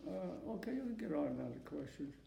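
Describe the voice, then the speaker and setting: A very old man from Massachusetts with a dark, gravelly voice, recalling his past in an oral history interview. He talks in halting starts, repeating words and often asking to hear the question again. The recording carries the echo of a room in his home. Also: fairly high pitch, big pitch swings, a little hiss or hum. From Massachusetts, USA. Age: 90s. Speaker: war veteran interviewee. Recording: echoey room.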